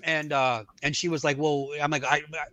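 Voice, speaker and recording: A middle-aged man telling his life story in a casual podcast chat, acting out the dialogue of the people in it with animated voices. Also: fairly high pitch, moderate pace, dry recording. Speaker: podcast guest.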